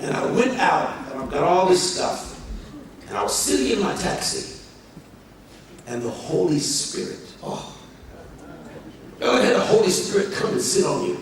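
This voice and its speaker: A man's voice: high voice, very animated, normal speed, vocal fry, pauses often. An American man preaching a sermon, telling a comic story animatedly and acting out dialogue. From United States. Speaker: pastor. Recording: echoey hall from far off with crowd.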